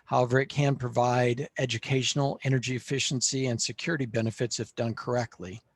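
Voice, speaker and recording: A man presenting on school facilities to a panel in a webinar. He speaks in a measured way, with frequent "uh" fillers. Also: mid-range voice, little pitch movement, husky, no echo.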